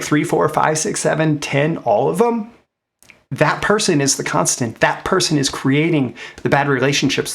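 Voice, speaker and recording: A man, host of his own channel, giving a casual motivational talk about mindset and business, speaking conversationally with many fillers and restarts, rising in pitch on key points. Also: gravelly, a bit bright. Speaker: marketing coach and host.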